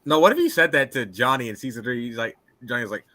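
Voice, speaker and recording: Bright, dry-sounding man imagining scenes. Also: mid-range voice, expressive, fast talker, no room sound. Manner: enthusiastic, imagines scenes aloud. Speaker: podcast co-host. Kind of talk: casual chat.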